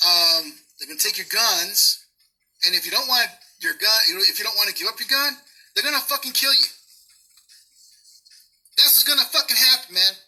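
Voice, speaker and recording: A man's voice: high-pitched, normal speed, long pauses, pushed and bright, low-quality recording. A man delivering an angry political rant outdoors, swearing heavily and repeating himself for emphasis. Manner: heavy swearing, emphatic and repetitive. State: pissed off. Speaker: vlogger. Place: outdoors near grass.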